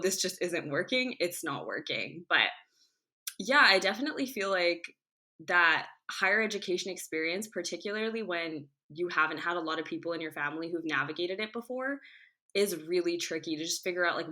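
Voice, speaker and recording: Woman in her 20s chatting on a podcast, kinda low voice, says like a lot, does little voices for people she quotes. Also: pushed and bright. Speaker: podcast guest. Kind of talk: casual podcast chat.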